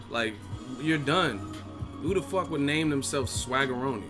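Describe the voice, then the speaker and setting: A man's voice: medium pitch, expressive, measured pace, music in the background. A man hosting a boxing live-stream chat, ranting and mocking viewers with lots of swearing. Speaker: boxing channel host.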